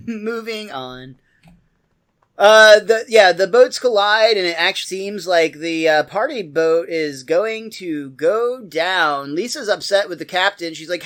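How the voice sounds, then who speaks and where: Laughing podcast host recapping an episode. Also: male voice, high voice, expressive, measured pace, fairly bright tone. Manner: laughs often while retelling scenes.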